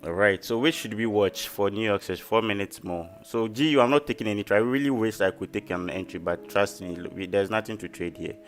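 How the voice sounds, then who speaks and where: A man's voice: fairly low pitch, brisk, few pauses, soft background music. A man hosting a casual trading live stream, chatty and repeating key phrases for emphasis. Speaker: trading livestream host.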